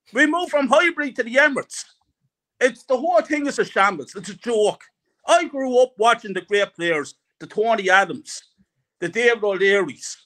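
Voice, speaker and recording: A middle-aged man in a fuming fan rant, hammering the same points again and again. His voice sits very high for a man and rings bright and forceful. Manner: angry, ranting, repeats himself. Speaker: guest fan.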